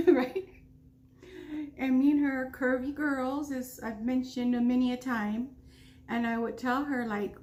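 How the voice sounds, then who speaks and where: A woman's voice: sits high, little pitch movement, unhurried, darkish tone. A woman in her thirties telling a story while eating, talking casually with food in her mouth. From United States. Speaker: vlogger.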